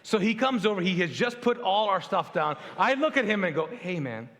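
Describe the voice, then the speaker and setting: Talking a little fast, a middle-aged pastor from Pakistan preaches in a loose, conversational style. He animates his stories by acting out the voices, with self-deprecating humor, his fairly high male voice ringing with long hall reverb.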